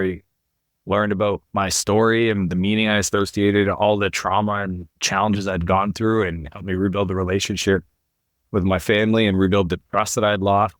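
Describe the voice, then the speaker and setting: Deep-voiced man telling his story. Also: fairly bright tone, dry recording, clean studio sound. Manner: earnest, confessional, quotes others in his story. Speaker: podcast guest, entrepreneur. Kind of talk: candid storytelling in an interview.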